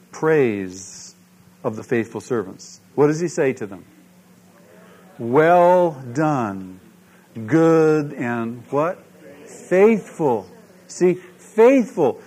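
Male pastor, high voice, lively sermon delivery with call-and-response questions. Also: husky. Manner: animated preaching, asks the congregation questions.

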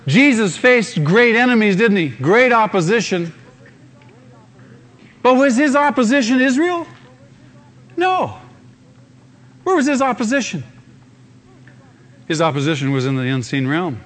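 A man's voice: sits high, sing-song, a little slow, pauses often, a bit bright. A man preaching a sermon with fervor, acting out scenes in sudden bursts. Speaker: pastor.

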